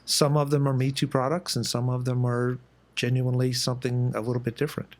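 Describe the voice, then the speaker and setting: A man's voice: medium pitch, fairly quick. Chatty male podcast host telling stories. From East Coast of the United States. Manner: relaxed, chatty storyteller. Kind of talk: casual interview chat.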